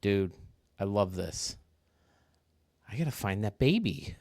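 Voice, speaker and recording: Excitable man narrating gameplay. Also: lowish voice, takes it slowly, dry recording. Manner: chatty, excitable, talks to viewers. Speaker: video game stadium reviewer. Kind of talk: casual gameplay commentary.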